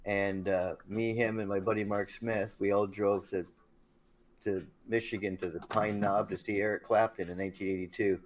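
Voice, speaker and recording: Swearing, animated male storyteller. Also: lowish voice, moderate pace, a little hiss or hum. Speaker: streamer telling stories. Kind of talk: casual storytelling chat.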